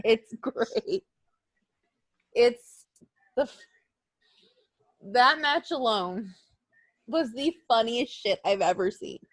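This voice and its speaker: A woman's voice: a little high, slow pace, long pauses, dry recording. A woman co-hosting a podcast, chatting casually and telling stories with lots of fillers. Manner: animated storytelling, acts out voices, frequent fillers. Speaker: podcast co-host. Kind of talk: casual chat recapping wrestling.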